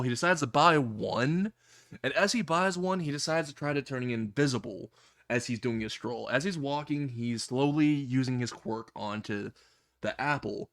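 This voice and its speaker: A man casually narrating a comedic fan story, laughing often and swearing freely as he goes. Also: on the high side.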